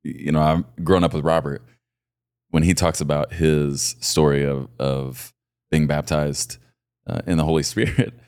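Very deep-voiced male podcast host. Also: flat delivery, unhurried, a little mellow, smooth. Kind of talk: casual chat.

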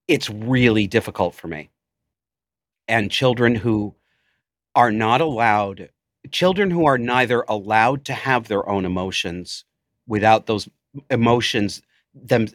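A man's voice: mid-range voice, no echo, clean studio sound. A man in his forties, a podcast guest, speaking intensely and emotionally about his life. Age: 40s. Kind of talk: personal storytelling in interview.

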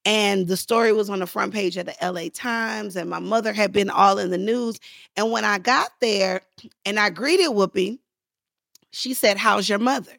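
A middle-aged woman telling animated stories in an interview, acting out the other people's voices. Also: medium pitch, moderate pace, creaky, no echo, studio quality. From Los Angeles. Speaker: guest actress. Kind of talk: storytelling interview.

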